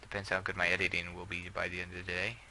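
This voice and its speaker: A man's voice: sits low, completely flat delivery, fast talker, sharp tone, a little hiss or hum, rough recording. A young man casually talking through a game build, rambling with many fillers and self-corrections. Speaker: gameplay video creator.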